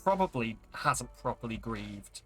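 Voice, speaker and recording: A chatty man commenting on a story game as he plays, rambling and correcting himself as he goes. His voice sits at an ordinary middle pitch, with soft game music underneath. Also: lively intonation, a little slow. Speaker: streamer.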